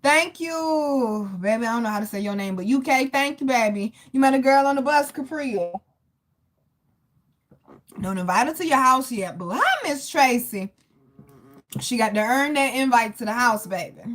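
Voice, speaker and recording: A woman with a somewhat high voice giving a casual live tarot reading. She talks loosely and warmly to her viewers, calling them baby and boo. She breaks off to laugh and to greet people in the chat. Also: measured pace, pauses often. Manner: chatty, calls listeners baby and boo. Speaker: tarot reader.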